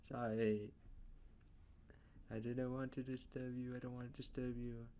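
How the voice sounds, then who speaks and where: A man's voice: mid-range voice, little pitch movement, unhurried, warm tone, slight background noise, pitched above the performer's own voice, lightly acted. A man voicing a timid teenage boy who apologizes and stammers nervously.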